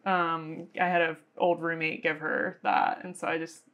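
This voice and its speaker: A woman's voice: low-pitched, little pitch movement, moderate pace, muffled recording. Giggly woman in casual chat. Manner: giggly, filler-heavy, soft-spoken. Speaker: podcast panelist.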